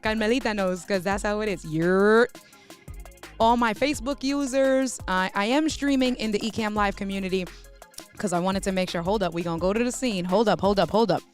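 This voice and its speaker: A woman hosts a live stream and chats with her viewers in a lively, easygoing way, calling them y'all. Her voice sits at a middle pitch for a woman. Faint music plays underneath. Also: brisk. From New York. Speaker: host. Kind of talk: casual live stream chat.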